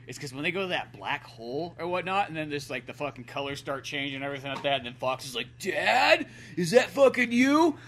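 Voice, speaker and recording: A man's voice: mid-range voice, fast talker, few pauses, bright, forceful tone, a little hiss or hum. A man co-hosting a podcast in casual, profane chat, laughing often and slipping into goofy voices. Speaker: podcast co-host.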